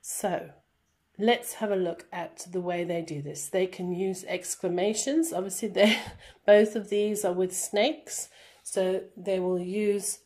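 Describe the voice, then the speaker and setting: A woman's voice: medium pitch, fairly even intonation, takes it slowly, darkish tone. A woman teaching, talking pupils through a recorded remote lesson patiently and step by step, with plenty of fillers. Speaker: class teacher.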